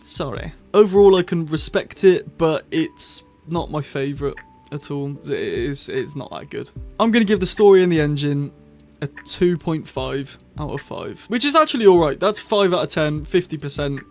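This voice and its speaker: A man in a casual solo review, his voice sitting a little on the high side. He rambles, backtracks and apologises in passing as he goes. Faint music plays behind him. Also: expressive, moderate pace, a little mellow. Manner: rambling, self-correcting, apologetic asides. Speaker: YouTube reviewer.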